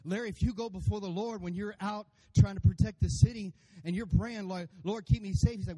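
A pastor preaching a sermon to his congregation, animated and playful, acting out voices and calling for amens. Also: high-pitched, fairly quick, hardly any pauses. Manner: animated, acts out funny voices for God and congregants; addresses congregation by name, calls for amens.

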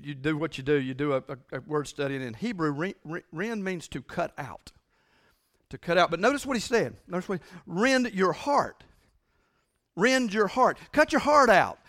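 A man preaching a sermon as pastor, emphatic and repetitive, swinging between loud declarations and hushed lines. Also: fairly high pitch.

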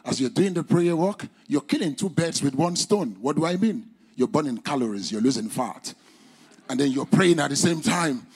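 A man preaching a sermon in English with a non-native accent, using formal, old-fashioned wording and swinging between loud, high exclamations and quiet, low drops. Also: lively intonation, moderate pace, slightly rough. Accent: non-native English accent, speaker's own mention. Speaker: pastor.

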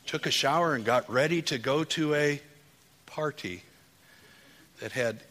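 Male preacher, bright forceful voice, long hall reverb, testimony sermon that rises in fervor. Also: a little high, unhurried. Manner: testimony building to impassioned, rising preaching.

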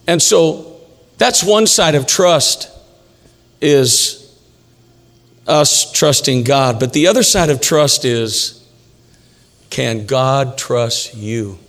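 A man's voice: medium pitch, takes it slowly, pauses often. A male pastor preaching a sermon in a church, emphatic and repetitive, with jokes along the way. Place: church sanctuary. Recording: reverberant church hall.

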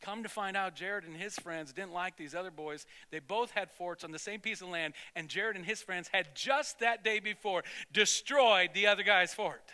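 A male pastor preaching a sermon in an animated storytelling manner, with lively asides to the congregation. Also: sits high, moderate pace, few pauses.

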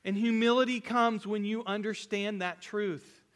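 A man's voice: high-pitched, steady tone, unhurried, fairly bright tone. A man preaching a sermon as a pastor, earnest and repetitive, building emphasis on key phrases.

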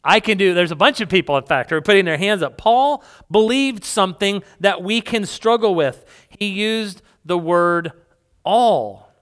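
Smooth, higher-voiced pastor preaching casually. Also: male voice, fairly quick, hardly any pauses, a bit bright. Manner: conversational, playful asides to congregation. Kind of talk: sermon. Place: church hall with congregation.

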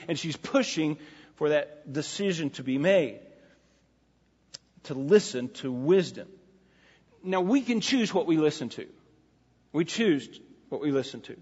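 A middle-aged pastor preaches earnestly and emphatically, throwing rhetorical questions at his listeners. His voice is a little high, slightly rough, and darkish in tone, captured in a dull lo-fi recording in a reverberant hall.

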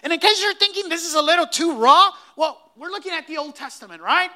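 A man's voice: very high-pitched, fairly quick, bright, forceful tone. A man preaching a sermon as pastor, emphatic, repeating key phrases and quizzing the congregation with "what?". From Hispanic household in the US.

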